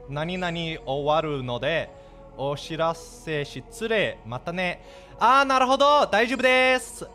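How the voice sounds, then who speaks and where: A man's voice: sits high, sharp tone. A man chatting casually on a livestream, swearing freely and dropping in Japanese phrases.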